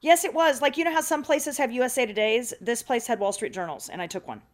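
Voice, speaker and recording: A woman co-hosting a radio show, chatty and quick to laugh, talking into a studio mic. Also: a little high. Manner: chatty, laughs easily, defensive when teased. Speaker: radio co-host. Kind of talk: casual radio banter.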